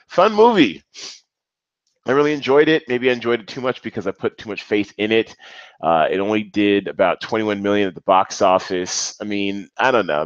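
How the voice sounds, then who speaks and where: A man talks through a solo podcast in a casual, self-deprecating way, stumbling over restarts and fillers. His voice sits a little low. The recording is dry and slightly dull, like a home setup. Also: dry recording. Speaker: podcast host.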